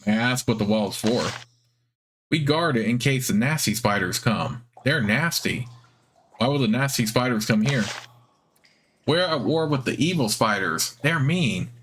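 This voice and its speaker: A man voicing a simple, friendly giant spider with a squeaky, high-pitched voice, reading game dialogue. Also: animated, a little slow, a bit bright, a little hiss or hum. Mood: chirpy friendly. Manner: naive, chirpy, short simple sentences.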